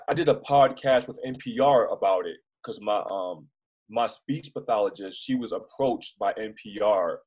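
A young man from Baltimore with a Baltimore accent, a news reporter telling stories as an interview guest in a rambling, animated way with many restarts. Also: mid-range voice, husky, rough recording. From Baltimore, United States. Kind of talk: casual storytelling in an interview.

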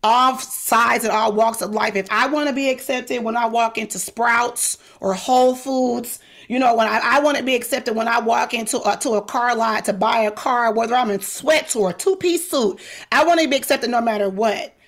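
A middle-aged woman, her voice sitting a little high. She talks candidly and emphatically in an interview. She slips into quick quoted voices to make her case. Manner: emphatic, outspoken, animated with quoted asides. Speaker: podcast host, guest.

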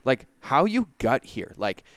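A man hosting a podcast interview, chatty and animated, often tagging his sentences with "right?". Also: mid-range voice, a little slow, no echo. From Boston, USA. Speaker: podcast host. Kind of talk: casual interview chat.

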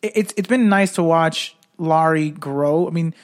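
A man's voice: on the high side, unhurried. Casual, profane man talking basketball. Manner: loose, profane, lots of "like" and "dude". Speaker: podcast co-host.

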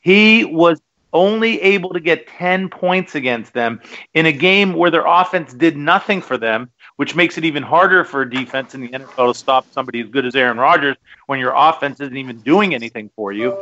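A man with a fairly high, bright, forceful voice rants emphatically about his betting pick, joking as he goes. He comes through a dull, lo-fi remote line. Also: lively intonation, fairly quick, slight background noise. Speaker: sports betting guest. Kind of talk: casual sports betting talk.

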